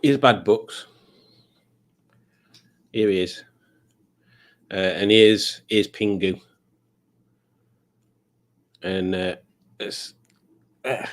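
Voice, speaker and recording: A man hosting a live stream, chatting casually as he reads out viewer comments, rambling along with wry asides and plenty of fillers. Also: fairly low pitch.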